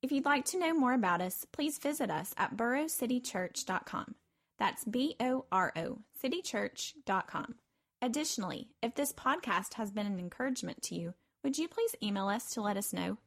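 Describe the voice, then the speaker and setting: A woman reads a scripted podcast announcement in an even, polite way. Her voice sits a little high and carries a gravelly fry. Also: moderate pace.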